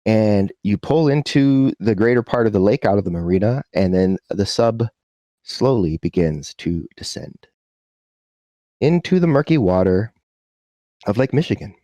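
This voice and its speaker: A man narrates a tabletop game as game master, casual and rambling with plenty of fillers. His voice sits fairly low but swings widely, recorded close and dry. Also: animated, unhurried, warm tone, no room sound. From United States.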